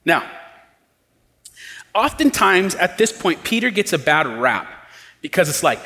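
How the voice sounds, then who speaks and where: A man preaches in a loose, conversational way, slipping into different tones when he acts out quotes. His voice sits a bit high. The sound carries a long reverb, as in a church hall. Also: lively intonation, normal speed, sharp tone. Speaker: pastor. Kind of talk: sermon.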